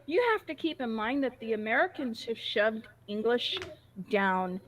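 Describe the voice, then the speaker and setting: High-voiced affectionate woman. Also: lively intonation, moderate pace, a bit bright. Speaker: guest. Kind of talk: casual chat.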